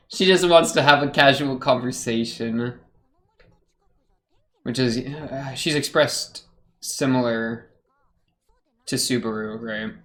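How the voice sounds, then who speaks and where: A man's voice: medium pitch, slow pace, long pauses, fairly bright tone. Chatty young man reacting to anime. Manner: chatty, joking, muttering asides. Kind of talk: casual reaction commentary.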